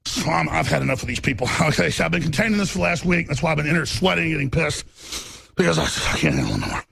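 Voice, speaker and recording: A man hosting a talk radio show, delivering a furious, shouting tirade with stammered restarts. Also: fairly high pitch, sing-song, racing, creaky, slightly rough. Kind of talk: angry ranting talk radio monologue.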